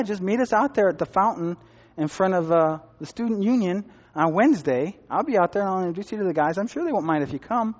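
A man's voice: sits high, a little mellow, long reverb tail. A man giving a personal testimony to a church group, telling his story with quoted dialogue and laughter, then urging listeners toward ministry. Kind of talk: testimony sermon.

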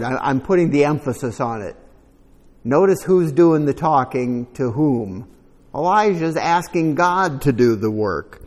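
A man's voice: a little high, lively intonation, normal speed, darkish tone, long reverb tail. A man preaching a sermon, reading scripture aloud with rising emphasis and adding conversational asides to the congregation. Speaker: pastor.

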